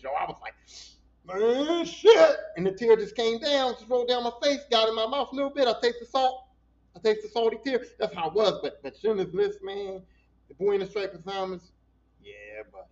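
A man hosting a podcast in a casual monologue, talking bluntly and profanely, with many repeated words. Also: high-pitched. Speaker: podcast host. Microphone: voice message. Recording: dull lo-fi podcast audio.

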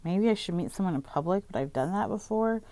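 A woman's voice: mid-range voice, expressive, quick pace, warm tone, dry recording. A woman telling a casual storytime rant, exasperated and profane, with "like" in almost every sentence. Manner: profane, exasperated, heavy use of "like". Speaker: vlogger.

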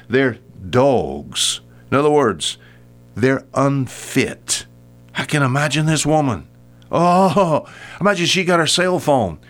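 An older man, a radio Bible teacher, giving a homespun, animated Bible talk and acting out the voices in the story. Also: a little high, slow.

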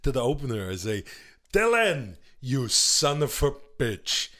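A man impersonating a boastful, oblivious middle-aged action-star man with a put-on Austrian accent, deadpan and repeating himself. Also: medium pitch, a little slow. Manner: repetitive "yeah, yeah", deadpan quoting. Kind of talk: comedy sketch impression.

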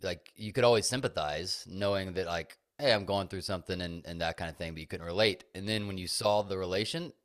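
Earnest, low-voiced podcast co-host man. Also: a little fast, few pauses, fairly bright tone. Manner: reflective, earnest, open about feelings. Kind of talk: casual chat.

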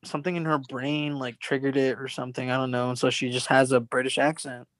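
A man's voice: mid-range voice, little pitch movement, quick pace, no room sound. A young man co-hosting a casual chat with friends, rambling through stories with lots of "like" and frequent laughter. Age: young adult. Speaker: podcast co-host.

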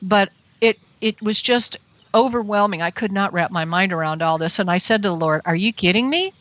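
A woman guest on a talk radio show, telling a personal story in an earnest, animated way, voicing her own thoughts as she goes. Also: mid-range voice, moderate pace, dry recording, muffled recording.

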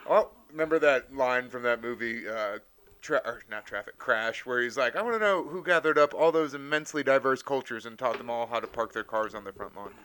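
A man's voice: mid-range voice, a little fast, fairly bright tone, clear, resonant tone. A man guesting on a podcast in casual chat, easygoing, laughing often and swearing casually.

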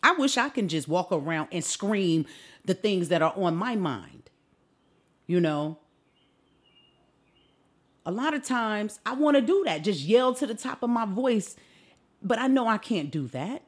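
A woman's voice: medium pitch, sing-song, a little slow, long pauses, breathy edge. A woman hosting a solo podcast, talking in an impassioned, indignant way and asking rhetorical questions. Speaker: podcast host. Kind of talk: opinionated solo podcast commentary.

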